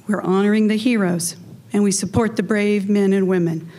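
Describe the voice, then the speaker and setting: A woman's voice: medium pitch, fairly even intonation, normal speed, dark tone. A woman hosting a memorial ceremony, telling a personal story in an earnest, heartfelt way.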